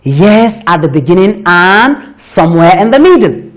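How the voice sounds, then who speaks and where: A woman teaching a children's phonics lesson, sounding out words deliberately and praising pupils often. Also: lowish voice, sing-song.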